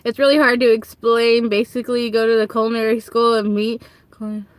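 A young woman with a Southern US accent chatting casually to viewers on a livestream from home, giggling and breaking into high squealing quotes. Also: level tone, a little fast, no echo. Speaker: livestream host.

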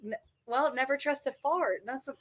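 A woman's voice: high-pitched, moderate pace, background noise. A woman co-hosting a homestead livestream in casual chat, playful and teasing, laughing a lot.

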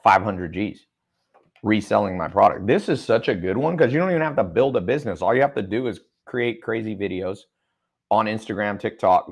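A man's voice: fairly low pitch, creaky. A man hosting a livestream, reading viewer comments and talking loosely with jokes. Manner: loose, joking, reads chat comments aloud. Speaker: online business mentor. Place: studio with a sound engineer.

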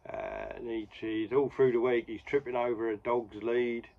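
A man's voice: medium pitch, fairly even intonation, moderate pace, gravelly, narrow, tinny audio. A man hosting a podcast, casually recapping an old comic in a rambling, chatty way with wry asides. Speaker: podcast host.

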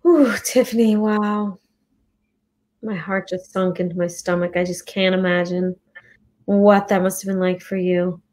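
A woman's voice: medium pitch, steady tone, a little slow, darkish tone, slight background noise. A woman hosting an interview, reacting with sympathy and many exclamations before asking her guest questions. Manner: empathetic, lots of exclamations. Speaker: interview host. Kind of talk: casual interview.

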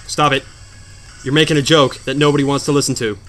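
A man commentating a hard video game, sarcastic and mock-dramatic, swinging from low mutters to sudden outbursts. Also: steady tone, fast talker, fairly bright tone. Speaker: gameplay commentator. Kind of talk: let's play commentary.

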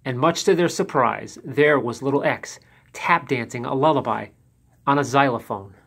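Expressive man reading a picture book. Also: medium pitch, moderate pace, creaky. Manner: lively, expressive read-aloud. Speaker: storyteller.

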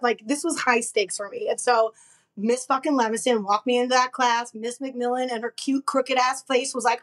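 A young woman, a podcast guest, telling a story in brash, profane, animated casual chat. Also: high-pitched, moderate pace.

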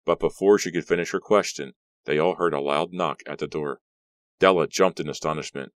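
A man narrating an audiobook in a steady, measured way. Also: very deep voice, dry recording. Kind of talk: scripted narration.

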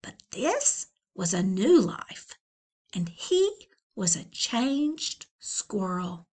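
A woman librarian reads a children's novel aloud to young students, taking her time. Her voice moves up and down expressively, keeping the story lively at a slow, clear pace. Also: medium pitch. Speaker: school librarian. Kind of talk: children's book read-aloud.

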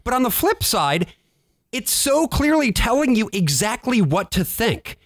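A man guesting on a podcast, explaining his points in a measured, sardonic way. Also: extremely high pitch, big pitch swings, no room sound, studio quality. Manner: analytical, measured with a sardonic edge. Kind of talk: casual comedic chat.

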